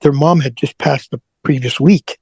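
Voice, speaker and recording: A middle-aged man with a gravelly, husky voice that sits a little high for a man. He tells an emotional personal story haltingly, stumbling over and repeating words. The sound is close and dry. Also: darkish tone, no echo, poor audio. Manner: halting, repeats words, prays aloud in retelling. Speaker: interview guest.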